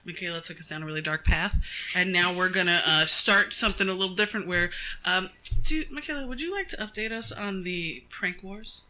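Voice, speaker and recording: A young woman co-hosting a casual chat, playful and quick to laugh. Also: on the low side, bright, forceful tone, rough recording. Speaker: podcast co-host.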